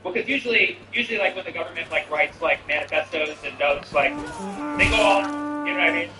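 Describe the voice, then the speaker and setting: A man's voice: a little high, fairly quick, far from the mic, very noisy. A man streaming a game and riffing sarcastically in rambling, filler-heavy talk. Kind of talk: comedic commentary while gaming. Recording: roomy, off-mic, music behind. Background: music.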